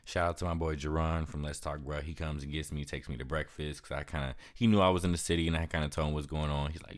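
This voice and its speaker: A young man casually retelling a story for his vlog, with lots of "like" fillers and lively quoted asides. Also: a bass voice, quick pace, hardly any pauses. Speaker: vlogger.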